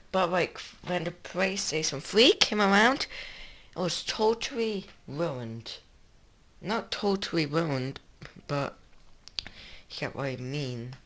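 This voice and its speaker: A man's voice: high-pitched, fairly bright tone. A male gaming channel host with an English accent, talking through games in casual, rambling commentary full of restarts. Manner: rambling, many restarts and fillers.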